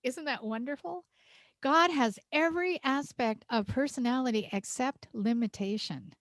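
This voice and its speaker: A woman's voice: high voice, moderate pace, fairly bright tone, no echo. A woman minister giving a heartfelt, emphatic sermon, laughing often as she speaks. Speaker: senior minister. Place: church sanctuary.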